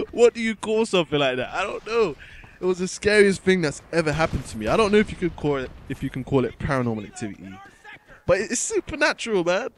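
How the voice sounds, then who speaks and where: A man's voice: high-pitched, a little hiss or hum. A young man commentating over gameplay, telling a story in a casual, rambling way with many restarts, often calling his viewers guys and man. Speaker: gaming commentator.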